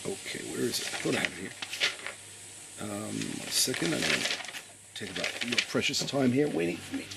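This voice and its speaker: A male rabbi teaching Torah. He stops to search his papers, stumbles and repeats words, and reads his quotes slowly with weight. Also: medium pitch, lively intonation, vocal fry, heavy background noise. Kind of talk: Torah lesson.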